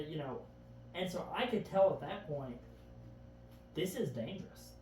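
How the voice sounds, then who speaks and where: A man's voice: a little high, lively intonation, unhurried, long pauses, dark tone. A man in a casual podcast chat, earnestly retelling events in vivid detail, often starting with "I remember". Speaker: podcast guest. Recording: echoey room, far from the mic, faint background hum.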